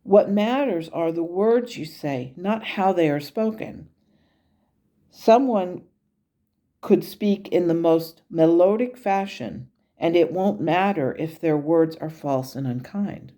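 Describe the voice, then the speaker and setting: A patient male spirit guide, as a woman relays him in her own low, mellow voice. He speaks in a measured, gently instructive way, explaining things plainly and evenly. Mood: calm.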